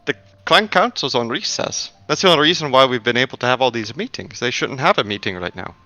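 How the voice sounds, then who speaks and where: A man's voice: medium pitch, lively intonation, fast talker, sharp tone, soft background music. A man voicing an eager young male messenger who is out of breath, rambling and over-explaining in a tabletop game. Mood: concerned.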